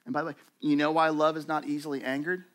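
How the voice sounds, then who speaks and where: A man preaching in a church, talking to the congregation like he's chatting with friends and acting out what people say. His voice sits a little high, with a bright, forceful edge. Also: fast talker. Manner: conversational, animated, acts out quoted voices. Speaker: pastor. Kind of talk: sermon.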